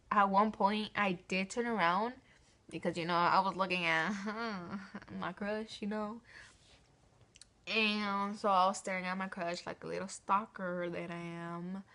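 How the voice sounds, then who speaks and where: A woman's voice: mid-range voice, a bit bright. Rambling giggly teenage girl vlogger. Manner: rambling, stumbles and restarts often; giggly, laughs mid-sentence. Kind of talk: casual storytelling to camera.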